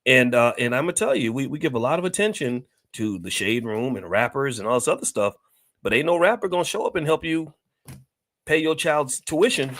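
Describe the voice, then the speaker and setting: A man's voice: mid-range voice, a bit bright, dry recording. A man hosting a finance talk, speaking emphatically to viewers with rhetorical questions and repeated points. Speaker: finance commentator and host. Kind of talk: preachy monologue to viewers.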